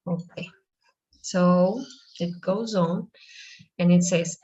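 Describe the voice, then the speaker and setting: A woman's voice: on the low side, a bit bright, slightly rough. A woman teaching over a video call, taking her time and spelling out each point with patience. Her voice comes through dull and lo-fi, as online class audio does. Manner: slow, patient explanations mixing two languages. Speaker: Spanish teacher.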